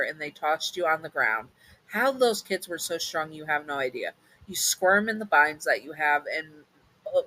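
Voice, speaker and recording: A woman's voice: low voice, pushed and bright, dry recording, rough recording. A woman narrating a listener role-play story in a casual, chatty way, sometimes correcting herself. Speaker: narrator and channel host.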